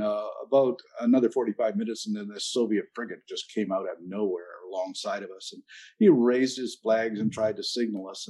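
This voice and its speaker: An older man telling stories in an interview, measured and anecdotal with a dry sense of humor. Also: lowish voice, darkish tone, breathy edge. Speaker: interview guest, ocean activist. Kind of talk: storytelling interview answers.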